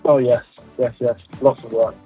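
A man's voice: mid-range voice, flat delivery, normal speed, music in the background, rough recording. A man chatting as a guest on a radio show, laid-back with dry self-deprecating humor. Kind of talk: casual radio chat.

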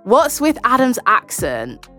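A woman's voice: on the high side, sing-song, slow pace, bright, forceful tone, soft background music. Upbeat woman hosting a radio show. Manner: upbeat, steering the chat. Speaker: radio host. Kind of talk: radio show hosting, reading listener messages.

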